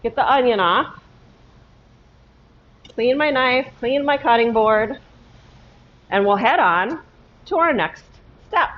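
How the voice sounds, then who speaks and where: A woman's voice: fairly high pitch, lively intonation, slow, long pauses, muffled recording, slight background noise. A woman teaching a cooking lesson in her kitchen, talking step by step and often checking in with "okay?". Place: home kitchen.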